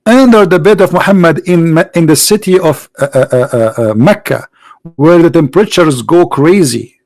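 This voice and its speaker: A man's voice: on the high side, lively intonation, moderate pace, darkish tone, no room sound, low-quality recording. A man hosting a livestream debate, mocking and sarcastic, firing off rhetorical questions in non-native English.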